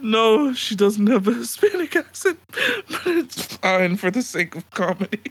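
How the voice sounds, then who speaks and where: A man's voice: high voice, very animated, unhurried, a bit bright, slightly rough, no room sound. A man co-hosting a loose, comedic podcast chat. He laughs a lot, swears freely and keeps retelling stories with gusto. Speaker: podcast co-host.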